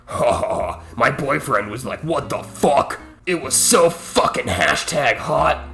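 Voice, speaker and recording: A man's voice: mid-range voice, sing-song, slow, vocal fry, pushed and bright, faint music behind, exaggerated voice. A man mimicking a crude, giggly teenage girl. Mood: bragging. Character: crude, giggly teen girl bragging to coworkers.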